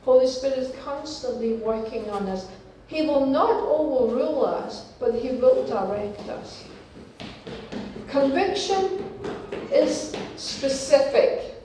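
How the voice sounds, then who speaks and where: A woman preaching a sermon, teaching slowly and deliberately and repeating her key phrases. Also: high voice, lively intonation, far from the mic, noisy background. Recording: very echoey room, from off-mic.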